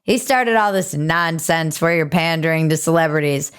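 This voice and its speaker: A woman's voice: low-pitched, moderate pace, clear, resonant tone. A woman hosting a podcast, riffing sarcastically in casual comedic commentary. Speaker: podcast host.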